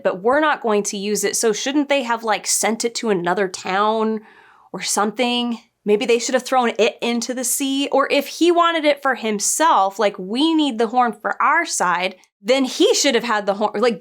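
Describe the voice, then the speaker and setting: A woman with a fairly high, fairly bright voice casually recaps a TV episode and nitpicks it, sounding chatty and exasperated and laughing now and then.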